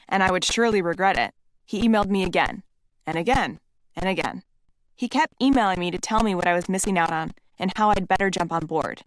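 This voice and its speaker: A woman's voice: mid-range voice, no echo. Candid woman narrating her own memoir. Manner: candid and conversational, with blunt swearing. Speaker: author reading her own book.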